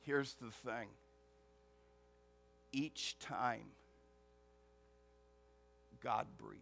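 A male pastor preaching a sermon emphatically, moving between loud stressed words and hushed asides, and building rhythm through repetition. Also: medium pitch, extremely slow, vocal fry, a little hiss or hum.

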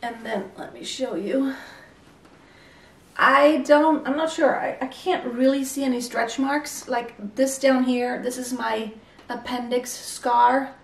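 A woman in her thirties talking to camera in a casual, candid vlog, a little out of breath. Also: a little high. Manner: chatty, candid, mildly breathless. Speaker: vlogger. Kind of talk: casual pregnancy update vlog. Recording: echoey room, voice from far off.

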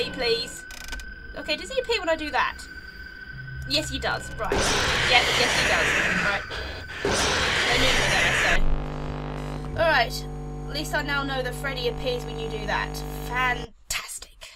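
A young woman giving let's play commentary, excitable and sweary, now and then breaking into song. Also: high-pitched, low-quality recording. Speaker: gaming commentator. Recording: game music loud behind her.

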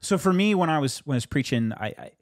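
Talking fast, a male pastor casually discusses his sermon, telling stories with animation and frequent laughter, his voice jumping up when he quotes others. The sound is clean studio audio without echo.

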